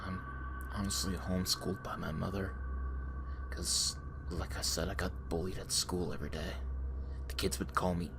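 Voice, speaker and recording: A man voicing stammering, gravelly teenage killer Toby. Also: sits low, little pitch movement, normal speed, noisy background. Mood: numb, grim. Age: 20s. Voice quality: gravelly, hushed and whispery. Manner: stammering, numb then unhinged. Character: haunted teenage boy turned killer, twitchy, stammering. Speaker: voice actor. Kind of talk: creepypasta monologue. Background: music.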